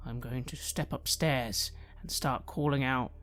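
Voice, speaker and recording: A player speaking in character, slow and earnest, sometimes dropping into soft, near-whispered lines. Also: mid-range voice, fairly even intonation, no room sound, soft background music. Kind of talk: in-character roleplay speech.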